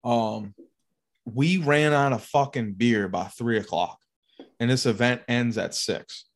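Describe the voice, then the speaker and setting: A man telling a story in casual, profane chat. He is animated and swears a lot, and he acts out the people in his story. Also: mid-range voice, slow pace.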